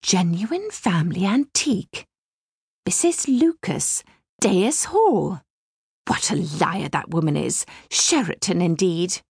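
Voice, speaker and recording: A woman reads a fussy middle-aged mother who chatters on and gossips. The voice swoops lively and carries a husky, gravelly edge, in a dry close recording. The manner stays prim and scandalised. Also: lowish voice, slow pace, dry recording, full character voice. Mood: gossipy. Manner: prattling, gossipy, easily scandalised. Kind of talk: audiobook character reading.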